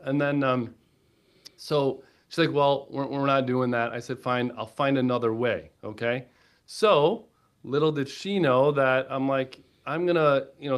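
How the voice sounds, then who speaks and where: Male guest, mid-pitched, animated storyteller, frequent "right?" tags. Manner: energetic storyteller, quotes himself and wife, lots of "right?". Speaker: guest, platform co-founder. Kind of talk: podcast interview.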